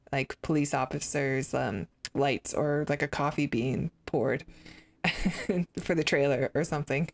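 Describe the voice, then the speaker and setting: An American woman co-hosts a relaxed TV review, talking in halting bursts full of ums and dry remarks. Her voice sits on the low side with plenty of gravelly vocal fry. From United States. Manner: hesitant, many fillers, wry. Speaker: co-host of a TV review show. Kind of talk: casual chat.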